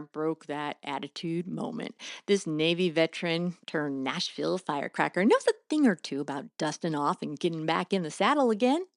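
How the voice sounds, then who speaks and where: A woman's voice: fairly low pitch, gravelly, no room sound. A middle-aged woman hosting a radio show with folksy, playful country patter and drawled exclamations. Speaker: radio host.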